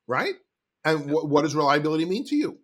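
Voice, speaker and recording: A middle-aged man, a sales trainer, telling stories in an animated, emphatic way as a podcast guest. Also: a little high, brisk. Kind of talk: casual interview talk.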